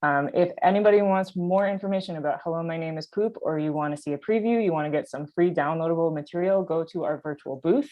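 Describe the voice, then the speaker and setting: A woman's voice: low-pitched, fast talker, few pauses. Bubbly woman moderating, dull lo-fi audio. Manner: upbeat, bubbly, easy laugh. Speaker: panel moderator. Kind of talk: moderating a panel discussion.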